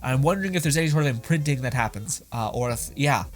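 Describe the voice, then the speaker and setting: A man's voice: medium pitch, lively intonation, fast talker, soft background music. A young man hosting, giving casual, rambling reaction commentary with frequent laughter and plenty of swearing. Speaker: host reacting to videos.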